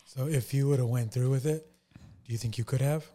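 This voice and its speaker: A man hosting a podcast, asking probing interview questions in a halting way, with many "like"s. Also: mid-range voice, fairly even intonation, dark tone. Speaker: podcast host.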